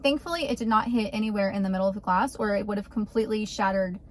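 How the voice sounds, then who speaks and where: A woman's voice: mid-range voice, fast, a little hiss or hum. Chatty woman. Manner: chatty, exasperated. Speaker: vlogger. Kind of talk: casual vlog. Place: outdoors beside her car.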